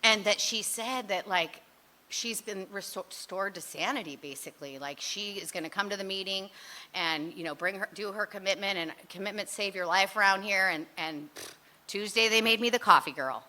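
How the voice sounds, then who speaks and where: Middle-aged woman, bright forceful voice, animated chatty storyteller sharing at a meeting. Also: mid-range voice, moderate pace. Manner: chatty and animated, laughing, lively asides. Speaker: speaker sharing at a recovery meeting. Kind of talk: personal story told to a live meeting.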